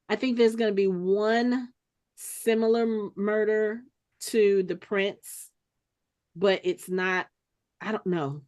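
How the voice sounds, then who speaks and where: A woman hosting a podcast in casual chat, thinking out loud and restarting her sentences as she speculates. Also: fairly low pitch. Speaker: podcast host.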